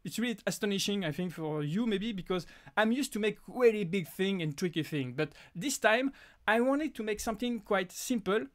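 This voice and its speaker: A man from France with a French accent, whose first language is French, hosting a casual live Q&A and talking in halting bursts full of restarts. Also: high-pitched, expressive. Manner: halting, frequent restarts and fillers. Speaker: live stream host.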